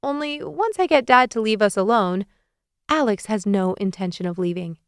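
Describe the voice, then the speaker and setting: A woman narrating a first-person audiobook with a lively, expressive reading on a close studio mic. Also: medium pitch, normal speed, clean tone, no room sound.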